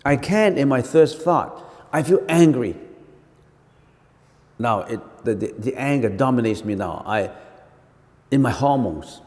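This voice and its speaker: A Buddhist monk gives a dharma talk on meditation. His voice is mellow, and his pitch rises and falls in a lively way. He keeps asking rhetorical questions and repeating phrases, and a long reverb from a large hall trails every word. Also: measured pace, long pauses. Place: temple hall.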